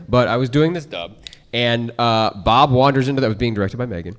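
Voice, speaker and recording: A young adult man on a convention panel, telling an animated story about a voice acting job. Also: mid-range voice, brisk. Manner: animated anecdote telling with impressions. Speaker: voice actor panelist. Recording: long hall reverb.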